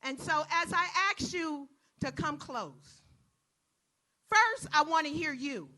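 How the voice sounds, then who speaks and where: A woman's voice: sits high, lively intonation, takes it slowly, bright, forceful tone. A woman emceeing an outdoor protest rally, leading the crowd in preacherly call-and-response and folksy asides.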